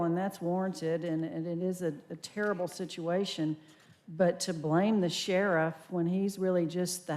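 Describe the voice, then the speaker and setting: A woman speaking as vice chair at a public county board meeting, asking direct, measured questions. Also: fairly low pitch, a little mellow.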